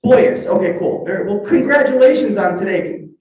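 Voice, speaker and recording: A man's voice: a little high, moderate pace, darkish tone. A man emceeing a club meeting in a casual, joking, upbeat way, quizzing the crowd as he goes. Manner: chatty, joking, upbeat, asks the crowd questions. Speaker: club member giving history segment. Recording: echoey room, dull lo-fi sound.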